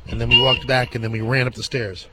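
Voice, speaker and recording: A man's voice: mid-range voice, little pitch movement, fast, bright, forceful tone, breathy edge. A man hosting a radio show, casual and chatty, out of breath. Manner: chatty with fillers. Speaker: radio host.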